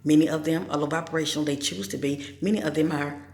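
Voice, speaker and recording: Woman host, informal spiritual talk, preachy with rhetorical questions, fry in the voice, echoey room recording. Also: sits low, steady tone, fast talker, darkish tone.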